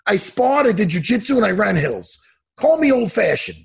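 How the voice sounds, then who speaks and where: Gravelly, high-voiced ranting man. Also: sing-song, normal speed. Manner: profane, heated ranting. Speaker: MMA coach and podcast regular. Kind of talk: casual chat.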